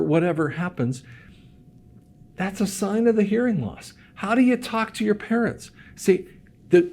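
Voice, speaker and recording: A man's voice: sits high, a little mellow. A man in his fifties, a hearing care doctor, talking casually to the camera in a chatty storytelling way. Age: 50s. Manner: chatty storyteller, repeats words as he restarts; acts out quoted voices in his stories.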